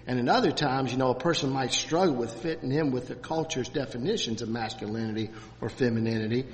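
Halting older man teaching in a hall. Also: medium pitch, breathy edge. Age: 60s. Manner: halting, many restarts and fillers. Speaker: Bible class teacher. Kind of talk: church class lecture with questions. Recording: reverberant hall.

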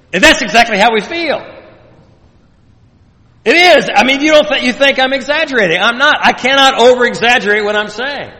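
A man preaching a sermon, animated and joking, with mocking asides in put-on voices. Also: very high voice, measured pace, long pauses. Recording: reverberant hall.

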